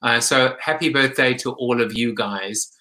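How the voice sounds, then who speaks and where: Hesitant man with a bright, tense voice. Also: medium pitch, rough recording. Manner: halting, hesitant, many fillers. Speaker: show host. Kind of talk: somber casual talk.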